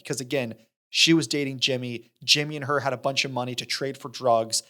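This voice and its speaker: A man's voice: medium pitch, fairly quick. A young man co-hosting a podcast, animatedly retelling a film scene with lots of "like" and acted-out quotes. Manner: animated retelling, acts out character lines, frequent fillers. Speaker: podcast co-host. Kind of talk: casual film discussion.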